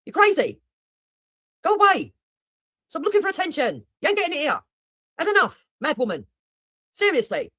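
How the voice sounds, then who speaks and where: A woman's voice: very high voice, wildly swooping pitch, normal speed, pauses often, bright, forceful tone, no echo. A woman doing heated reaction commentary on a livestream, blunt and mocking, with heavy swearing. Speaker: livestreamer reacting to another streamer.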